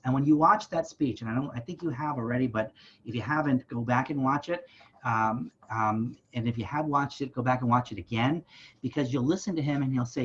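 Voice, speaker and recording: Husky-voiced man teaching history. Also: mid-range voice, a little fast, a bit bright, lo-fi sound. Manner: conversational, often asks "right?". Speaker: museum educator. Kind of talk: virtual site visit talk.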